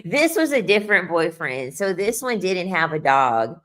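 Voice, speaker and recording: A woman's voice: lowish voice, normal speed. Exasperated young woman ranting casually. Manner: animated, exasperated, swears freely, mocks in quoted voices. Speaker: vlogger. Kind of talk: casual storytime rant.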